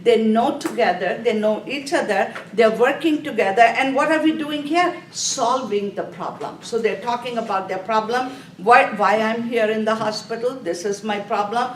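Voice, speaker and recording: A woman's voice: a little high, normal speed, hardly any pauses. A woman instructor giving a classroom review lecture, asking questions, answering them herself and telling students to underline key words. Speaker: nursing exam review instructor. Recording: echoey room, voice from a distance, faint noise.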